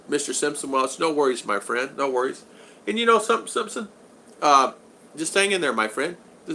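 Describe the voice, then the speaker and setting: A man's voice: on the high side, sharp tone, slight background noise, rough recording. A middle-aged man hosting a casual live stream from home. He rambles, greets viewers by name and chats about plans. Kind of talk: casual live-stream chat reading comments. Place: home in the Philippines.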